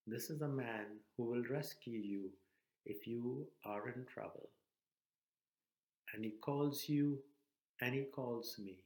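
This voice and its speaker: A man preaching a sermon, telling a parable with earnest, dramatic pauses. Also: medium pitch, a little mellow, echoey room, low-quality recording.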